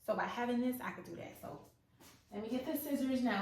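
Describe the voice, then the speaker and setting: A woman chatting excitedly to her viewers while setting things up at home, talking herself through each step. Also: on the high side, brisk. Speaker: small business owner and stay-at-home mom. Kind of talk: casual vlog chat. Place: at home, indoors. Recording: roomy echo, faint background noise.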